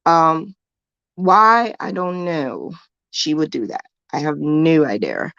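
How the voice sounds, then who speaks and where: A woman's voice: lowish voice, sing-song, takes it slowly, a bit bright, no room sound, lo-fi sound. A woman hosting a casual crochet livestream lesson, chatty, emphatic and self-assured, repeating points for emphasis in colloquial speech. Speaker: crochet teacher and livestream host.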